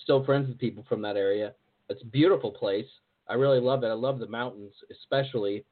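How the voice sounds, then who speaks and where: A man hosting a podcast in casual interview chat, relaxed and joking. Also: mid-range voice, fairly quick. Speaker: podcast host. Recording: phone-like narrow sound.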